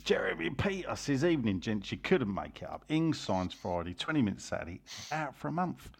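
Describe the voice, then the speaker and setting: Gravelly man reading out fan messages. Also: medium pitch, big pitch swings. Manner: reads messages out in a slow deliberate tone; rambling, lots of fillers. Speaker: podcast host reading listener messages. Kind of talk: casual football podcast chat.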